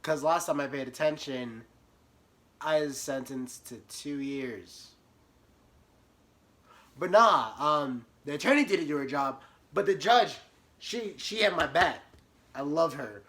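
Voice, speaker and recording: A young man with a slightly high voice tells a comic story about himself. He is animated, dropping into muttered asides and then jumping to sudden yelps. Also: takes it slowly, long pauses. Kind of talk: comedic storytime monologue.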